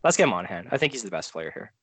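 A man co-hosting a casual fantasy sports podcast, talking in a relaxed way and thinking out loud as he trails off. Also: fairly low pitch, very fast, breathy edge, no echo. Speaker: podcast co-host. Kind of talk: casual fantasy draft chat.

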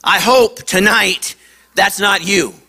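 Animated, high-voiced man preaching to kids. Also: slow pace. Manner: animated storytelling, acts out quotes. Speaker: pastor. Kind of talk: sermon for kids. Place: church campus.

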